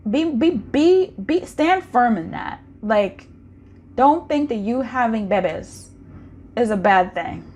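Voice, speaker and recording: A woman talks through a casual pick-a-card tarot reading in a chatty, intimate way. She croons sing-song calls to the viewer and slows right down to stretch words when she makes a point. A faint hiss sits under her voice. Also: a little high, dark tone.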